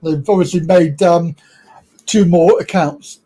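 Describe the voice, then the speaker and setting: A man's voice: fairly high pitch, a little slow, noisy background. A British man hosting a live stream, talking casually and bluntly with lots of swearing.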